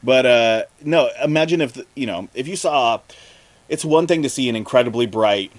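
Casting: mid-pitched man, wry podcast co-host, dry close sound. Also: dry recording. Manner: wry, quick sarcastic asides. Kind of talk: casual chat.

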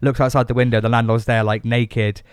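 Brief: young male co-host, smooth clear tone, dry close mic, loose rambling chat with frequent laughs. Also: medium pitch, flat delivery, brisk, dry recording. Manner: laughs a lot, rambling with restarts and swearing. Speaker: podcast co-host. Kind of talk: casual chat.

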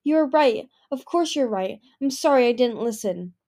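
A woman's voice: fairly high pitch, expressive, moderate pace, mellow, pitched above the performer's own voice. A woman voicing a desperate young female dragon on the run, pleading and tearful.

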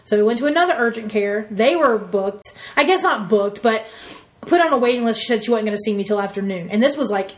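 A woman's voice: fairly high pitch, fast talker. A woman telling a personal story in casual conversation, rambling with lots of fillers and acting out what people said. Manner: rambling, full of "like" and "you know", acts out quotes. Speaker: interviewee.

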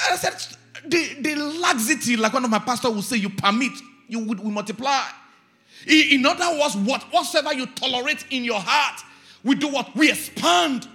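A man, a pastor, preaching a sermon with shouted lines and sing-song call-and-response. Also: very high voice, expressive, normal speed, vocal fry, faint music behind.

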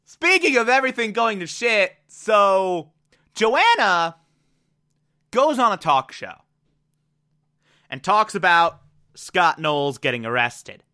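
A man giving a casual, excitable episode recap, with lots of "like" and "uh" and some swearing. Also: sits high, slow pace, pauses often. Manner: excitable, profane, filler-heavy.

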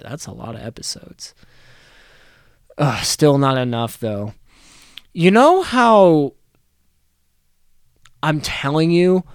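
A young man rants casually and rambles, swearing often and getting animated. His voice is smooth and resonant, mid-pitched, and recorded close and dry with no room sound. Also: no echo. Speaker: host. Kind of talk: casual profane rant.

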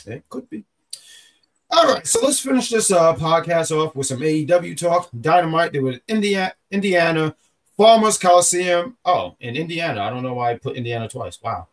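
A man's voice: on the high side, lively intonation, moderate pace. A man hosting a podcast in casual, rambling chat, often stopping to correct himself. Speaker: podcast host.

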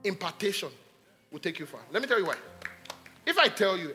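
A man preaching a sermon, emphatic and repetitive, swinging between loud exhortation and hushed asides. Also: sits high, very animated, a little fast, long pauses, soft background music.

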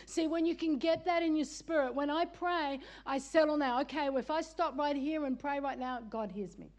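High-voiced woman preaching with stories. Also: normal speed, hardly any pauses. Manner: lively storytelling, laughs often, rising into emphatic preaching with repeated "come on". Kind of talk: sermon with personal stories.

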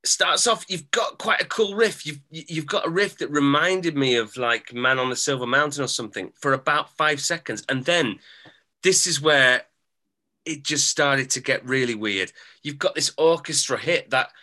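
A man's voice: fairly high pitch, normal speed, bright, forceful tone. An English man with a mixed northern and southern accent, co-hosting a music podcast in casual chat, thoughtful and a bit hesitant, laughing easily. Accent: English, mix of northern and southern. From England. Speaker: podcast co-host.

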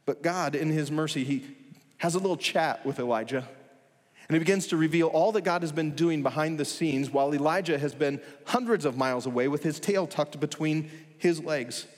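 Preacher man, slightly high, in echoing hall. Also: moderate pace. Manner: emphatic, builds with rhetorical questions. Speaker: pastor. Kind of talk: sermon. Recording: long hall reverb.

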